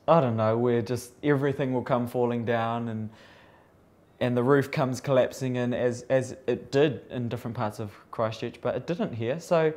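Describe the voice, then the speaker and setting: A man, a makeup artist recounting events in an interview with amused, lively storytelling. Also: mid-range voice, moderate pace. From New Zealand. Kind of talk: recalled interview testimony.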